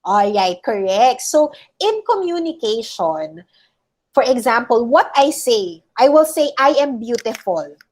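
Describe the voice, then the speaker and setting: A woman's voice: on the high side, big pitch swings, unhurried, a little mellow. A woman teacher with a Filipino accent, giving an online class lecture and often checking in with "okay?" and "all right?". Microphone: video call.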